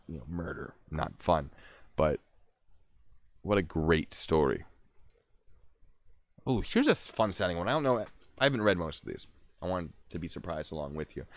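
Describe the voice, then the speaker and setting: A man reads true-crime snippets aloud on his livestream, breaking off to crack sarcastic jokes. His voice sits low but swings widely in pitch. The sound is close and dry, with no room around it. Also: no echo. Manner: reads out trivia with sarcastic, joking asides. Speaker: streamer reading stories. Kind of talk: casual livestream reading with asides.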